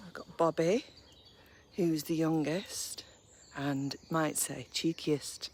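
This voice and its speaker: A woman chatting casually on a live stream while walking her dogs in a park, cooing at them in a high baby voice. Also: fairly even intonation, takes it slowly. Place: woodland park outdoors, early morning.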